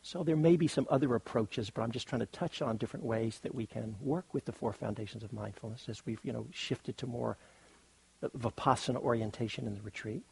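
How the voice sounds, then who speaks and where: A man's voice: mid-range voice, fairly quick, vocal fry, husky, poor audio. A man teaching at a meditation retreat, giving a thoughtful dharma talk and rephrasing his ideas as he goes.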